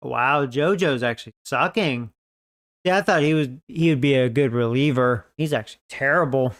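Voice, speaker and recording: Smooth-voiced man grumbling over gameplay. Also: mid-range voice, moderate pace, a bit bright, no room sound. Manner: profane, grumbling, frustrated asides. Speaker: gaming video creator. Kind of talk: casual gameplay commentary.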